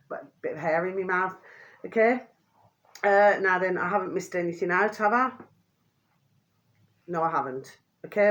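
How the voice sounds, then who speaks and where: A woman's voice: mid-range voice, fairly bright tone. An older woman, vlogging in a rambling, chatty way, repeating the same pet phrase and drifting off topic. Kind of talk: rambling casual monologue to camera.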